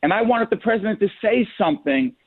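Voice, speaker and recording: A man appearing as a guest on a radio show, speaking earnestly and pressing his point in a measured way. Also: high voice, expressive. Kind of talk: talk radio interview. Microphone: phone. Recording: tinny phone line, dry.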